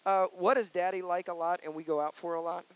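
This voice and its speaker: A man's voice: sits high, level tone, fast, clear, resonant tone. A male pastor preaching a sermon, playful and conversational, earnest and personal.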